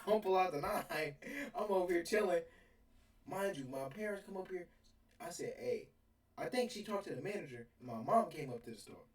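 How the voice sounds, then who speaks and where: Young guy, rambling animated storyteller, sits back from the mic in an echoey room; casual storytime vlog. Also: high-pitched, brisk. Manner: rambling, animated, laughs mid-sentence. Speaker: storyteller vlogger. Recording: roomy sound from a distance.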